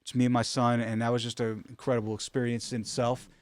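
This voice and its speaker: A man telling stories in a casual, animated way, with many fillers and restarts, recorded in a studio. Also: medium pitch, fast, dry recording. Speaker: rug artist guest. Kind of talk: casual storytelling.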